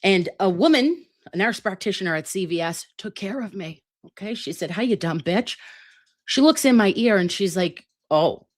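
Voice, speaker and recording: A woman's voice: mid-range voice, lively intonation, normal speed, few pauses. A woman hosting a casual livestream chat, brassy, profane and dramatic while recovering from a sinus and ear infection. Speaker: livestream host.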